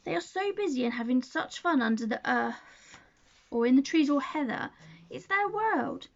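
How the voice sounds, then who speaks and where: A woman's voice: sits high, animated, moderate pace, no echo. A woman doing a wilful, earnest young girl. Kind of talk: storybook reading. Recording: dull lo-fi sound.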